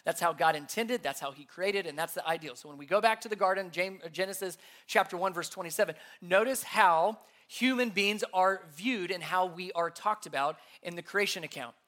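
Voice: mid-range voice, fairly quick, few pauses, fairly bright tone. A pastor teaching a sermon in an earnest way, repeating key points and asking the audience questions. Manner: asks the audience rhetorical questions.

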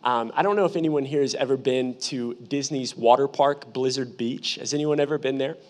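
A young man in his twenties, a pastor giving a lively, humorous sermon full of personal storytelling. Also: medium pitch, fairly quick. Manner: animated, humorous, conversational preaching.

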